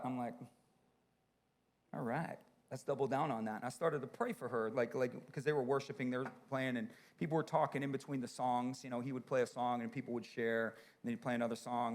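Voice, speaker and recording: A male pastor preaching a sermon, telling a story and acting out the people in it, building to loud, emphatic peaks. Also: medium pitch.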